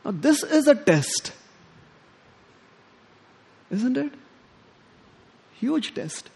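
A man giving a sermon, telling a devotional story in an animated way and acting out the characters' lines. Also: extremely high pitch, very slow, vocal fry, slightly rough. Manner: animated, quotes characters in lively tones, chuckles often. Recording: long hall reverb.

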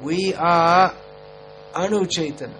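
A man's voice: sits high, steady tone, slow, background noise. A man in his fifties giving a sermon in a conversational, wry and emphatic manner. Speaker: preacher.

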